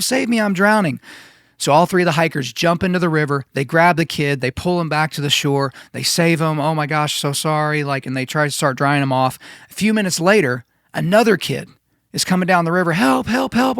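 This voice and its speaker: A man's voice: a little high, fairly bright tone, no echo, clean studio sound. A man in his thirties hosting a solo podcast, talking conversationally and emphatically, often repeating himself. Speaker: podcast host.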